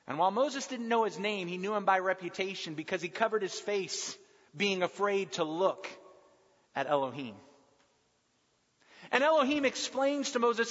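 High-voiced man preaching a sermon. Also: lively intonation, a bit bright. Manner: earnest, emphatic, with long pauses. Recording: dull recording with long hall reverb.

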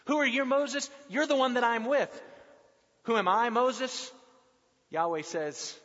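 A man preaching a sermon earnestly and emphatically, with long pauses. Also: very high-pitched, a bit bright. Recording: dull recording with long hall reverb.

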